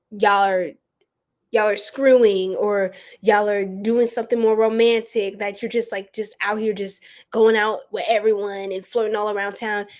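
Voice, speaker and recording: Woman tarot reader on a casual live stream, slightly high voice, talkative and lively with viewers. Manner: chatty, animated, laughs often, says y'all. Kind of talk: casual livestream reading.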